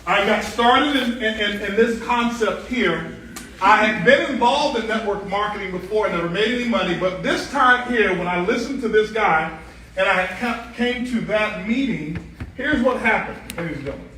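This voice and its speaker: A man giving a lively motivational seminar talk, telling stories and joking with a live audience. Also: high-pitched, moderate pace, slight background noise. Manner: animated storyteller, jokes with the crowd, asks for hands. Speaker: motivational speaker on stage. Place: large event hall. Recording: echoey hall, distant mic.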